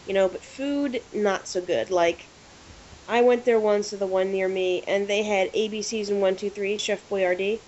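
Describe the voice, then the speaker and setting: A woman's voice: medium pitch, moderate pace. Chatty woman telling stories, lo-fi. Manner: animated storyteller, acts out quotes. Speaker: podcast co-host. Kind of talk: casual chat. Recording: lo-fi with faint hiss.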